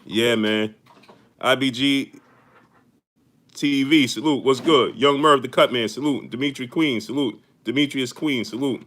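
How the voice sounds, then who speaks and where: Bright-voiced man hyping a live stream. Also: medium pitch, unhurried. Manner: energetic, greets viewers one by one with slang. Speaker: host of a boxing live stream. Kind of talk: casual live-stream shout-outs.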